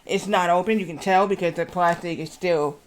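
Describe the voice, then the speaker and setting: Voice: medium pitch, steady tone, normal speed. A streamer chatting casually on a live stream, rambling through anecdotes with many fillers and restarts. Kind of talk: casual livestream chat.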